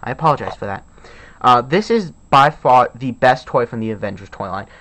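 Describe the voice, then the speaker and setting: A man's voice: medium pitch, expressive, a little fast, sharp tone. A man casually reviewing an action figure at home, talking eagerly with lots of fillers, recorded on a camera set on a tripod. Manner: enthusiastic, rambling with fillers. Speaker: toy reviewer. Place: home room with desk.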